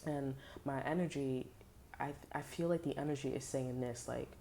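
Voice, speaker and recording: A woman reads tarot cards for her viewers in a loose, rambling way, swearing freely and leaning on fillers and slang. Her voice sits very low with a dark, mellow tone, and a faint hiss runs underneath. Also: fairly even intonation, moderate pace, creaky. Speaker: tarot reader. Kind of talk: casual tarot reading.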